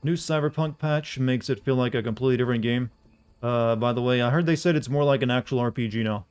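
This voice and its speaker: A male streamer chatting casually to his viewers over gameplay in a flat, deadpan tone. His pitch sits in a middle range. Faint game music plays behind him. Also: fast, smooth. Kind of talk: casual live-stream commentary.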